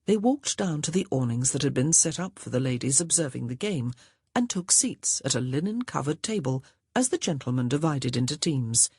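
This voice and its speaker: A woman narrating a historical romance audiobook, expressive and voicing each character. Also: a bass voice, normal speed, slightly rough, no echo, studio quality. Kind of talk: scripted narration.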